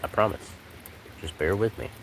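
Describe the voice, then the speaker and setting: A man chatting casually on a live stream from a porch, talking to his cats and his viewers in a relaxed, rambling way. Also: fairly low pitch, normal speed, rough recording. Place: outdoors on a porch in the rain. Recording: rain noise outdoors. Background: rain.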